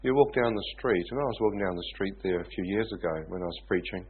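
A man from New preaching, telling stories in an animated way and often asking his listeners if they follow. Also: sits low, fast, husky. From New Zealand. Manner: animated storytelling, often asks "you know what I mean?". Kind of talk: sermon storytelling. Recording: tinny phone-like sound.

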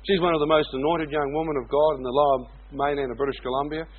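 A man's voice: on the high side, fairly even intonation, fast, slightly rough, narrow, tinny audio. A man with a New Zealand accent tells a personal testimony story in a chatty way, laughing often and asking "you know what I mean". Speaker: speaker giving a personal testimony.

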